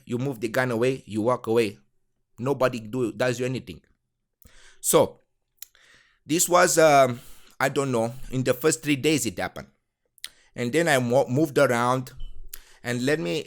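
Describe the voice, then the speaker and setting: A Romanian podcast host playing a boastful man who talks in an exaggerated put-on Kenyan English accent, rambling earnestly with lots of halting fillers. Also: medium pitch, natural voice. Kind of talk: comedic monologue in character.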